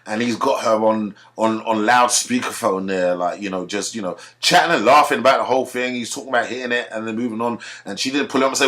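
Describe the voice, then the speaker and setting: Animated ranting man. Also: mid-range voice, fairly quick, hardly any pauses. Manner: rambling, profane, animated storytelling. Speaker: vlogger. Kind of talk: ranting monologue.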